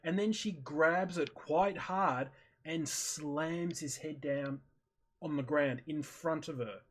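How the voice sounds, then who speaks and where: Husky, higher-voiced man retelling a story. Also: slow. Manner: animated storyteller acting out his own reactions. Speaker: streamer in voice chat. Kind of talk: casual chat, retelling a video. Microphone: headset or desk mic on voice chat.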